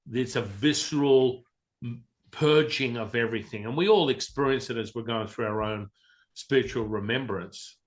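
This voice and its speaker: A man being interviewed as a spiritual teacher, candid and blunt, casually swearing and acting out voices as he tells his stories. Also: mid-range voice. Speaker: Taoist teacher, interview guest.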